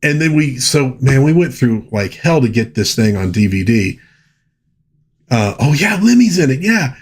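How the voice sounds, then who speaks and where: A man's voice: medium pitch, big pitch swings, moderate pace, breathy edge. A middle-aged man hosting a casual live stream, chatting with enthusiasm and rambling through lots of fillers. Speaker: host.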